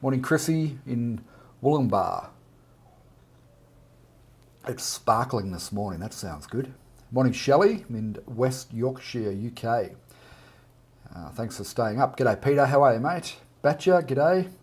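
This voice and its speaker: An Australian man hosts a casual live chat for his art students. He reads comments aloud and greets people one by one in an easy, friendly way, at an ordinary middle pitch. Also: slow pace, pauses often, slightly rough. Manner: warm, relaxed, reads out viewer comments and greets each by name. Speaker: art teacher hosting a live Q&A.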